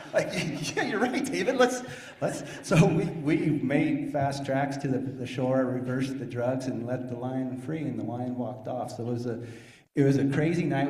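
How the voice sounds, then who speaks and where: A man's voice: mid-range voice, dark tone. A man telling a story at a panel talk, laughing at himself as he goes. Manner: laughing, self-deprecating storyteller. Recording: echoey hall with long reverb.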